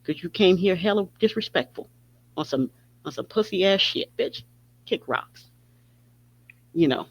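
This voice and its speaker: A man's voice: high-pitched, expressive, unhurried, pauses often. A man hosting a podcast, delivering a heated, profane opinion monologue that circles back on its points again and again. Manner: heated, profane, repetitive ranting. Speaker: podcast host. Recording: dull lo-fi recording.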